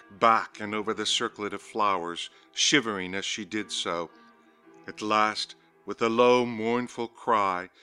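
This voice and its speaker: A man narrating a gothic horror story in a measured, ominous reading style. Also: lowish voice, sharp tone, clean tone. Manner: measured, ominous, lingering on words. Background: faint music.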